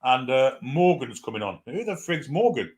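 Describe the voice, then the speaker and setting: A man's voice: medium pitch, big pitch swings, normal speed, a little mellow. A man giving live fan commentary on a football match, irreverent, swearing freely and reading out viewer comments.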